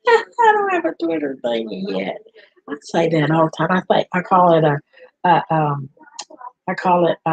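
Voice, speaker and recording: An older woman, a grandmother with a low voice, hosts a rambling, casual livestream chat, talking to both her viewers and her pets. The audio quality is poor.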